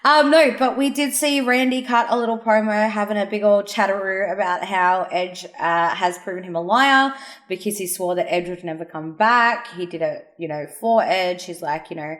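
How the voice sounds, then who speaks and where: A woman co-hosting a casual podcast over a call, retelling events with animated quoted voices and frequent laughs. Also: medium pitch, normal speed, roomy sound. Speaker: podcast co-host. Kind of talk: casual chat recapping wrestling. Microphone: remote call mic.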